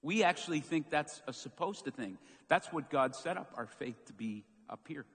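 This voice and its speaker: Animated male pastor in a reverberant hall. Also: fairly high pitch, moderate pace, breathy edge. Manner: animated storytelling, acts out quoted shouts. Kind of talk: sermon. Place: church sanctuary. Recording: long church hall reverb.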